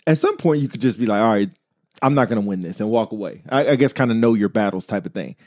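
A man's voice: lowish voice, fast, no echo, clean studio sound. A man co-hosting a casual talk show, chatting animatedly and acting out quoted remarks as he makes his points. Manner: animated, talks through examples with quoted asides. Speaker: podcast co-host. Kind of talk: casual chat.

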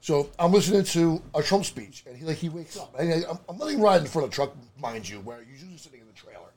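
A man telling a story on a podcast in an animated, laughing, crude way. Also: on the high side, quick pace. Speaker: podcast co-host. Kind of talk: casual storytelling.

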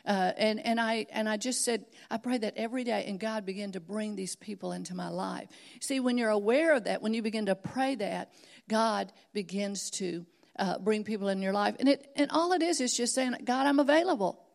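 A woman's voice: mid-range voice, moderate pace, creaky. A middle-aged woman preaching a sermon, telling stories earnestly and building to emphatic exhortation.

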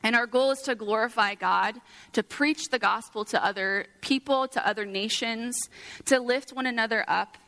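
A woman's voice: on the high side, normal speed, vocal fry, pushed and bright. A young woman giving an earnest sermon, mixing scripture with a personal story and casual fillers. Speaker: preacher.

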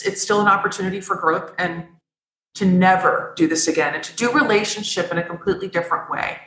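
A woman's voice: mid-range voice, bright, forceful tone, echoey room, rough recording. A woman guest on a podcast, telling her own story candidly and earnestly, often restarting her sentences. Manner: earnest, rambling, frequent restarts.

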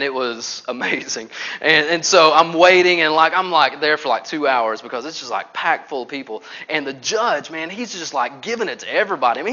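A man preaching a sermon, telling stories with animated swings from loud to hushed. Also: a little high, muffled recording. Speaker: pastor.

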